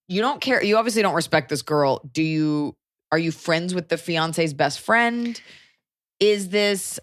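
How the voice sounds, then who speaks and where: A woman's voice: low-pitched, a bit bright, dry recording, clean studio sound. A woman hosting a podcast in a casual, playful, jokey chat. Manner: playful, jokey, sing-song bits. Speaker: podcast host.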